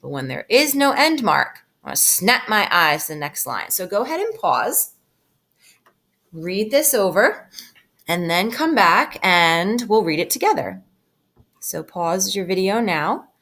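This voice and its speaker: A woman teacher giving a recorded reading lesson to children, patient and slowing down to stress key phrases, often checking in with "right?". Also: medium pitch, big pitch swings, fairly bright tone. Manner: patient, with frequent tag "right?". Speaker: elementary school teacher.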